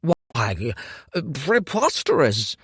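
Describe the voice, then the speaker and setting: A man's voice: medium pitch, sing-song, slow, fairly bright tone, husky, no room sound, clean studio sound, pitched above the performer's own voice, full character voice. A man voicing a fussy, pompous male alchemist master who makes indignant, theatrical exclamations.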